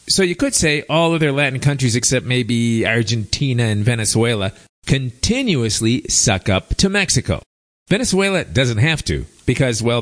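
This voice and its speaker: A man's voice: mid-range voice, fairly bright tone. A man hosting his own show, talking in a sarcastic, rambling, opinionated monologue. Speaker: show host.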